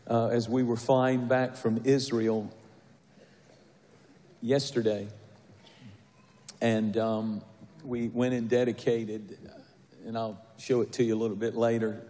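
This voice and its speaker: A man's voice: mid-range voice, a little mellow. A male pastor, preaching a sermon in a conversational, jovial way that rises to a fervent reading. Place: large church sanctuary. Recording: echoey church hall.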